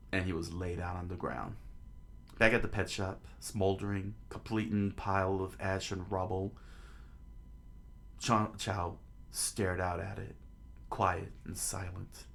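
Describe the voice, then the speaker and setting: Halting, slow-talking male reader. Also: low voice, gravelly. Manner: halting, with frequent restarts and fillers, excitable. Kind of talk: casual dramatic story reading.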